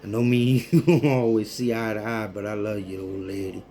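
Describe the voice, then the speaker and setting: Man, cooking vlogger, rambling heartfelt talk, lowish voice, faint background hiss. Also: steady tone, fairly quick, warm tone. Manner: heartfelt, rambling, addresses viewers as folks. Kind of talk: casual cooking vlog talk.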